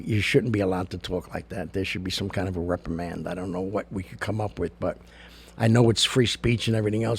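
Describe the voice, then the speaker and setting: An older man talks through a casual show monologue, blunt and rambling. His voice is gravelly and somewhat husky. The sound is close and dry, with almost no room around it. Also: medium pitch, a little mellow, no room sound. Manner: gravelly, blunt and chatty, with many fillers. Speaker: show host. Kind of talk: casual talk-show monologue with jokes and opinion.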